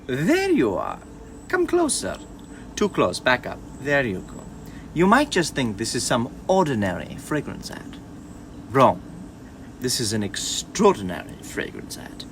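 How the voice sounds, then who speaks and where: A vain, self-adoring perfume salesman whose pitch rises and falls dramatically, as a man acts him out in a parody ad. Clear noise and traffic sound run behind him. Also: huge pitch swings, a little slow, heavily acted. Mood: showy.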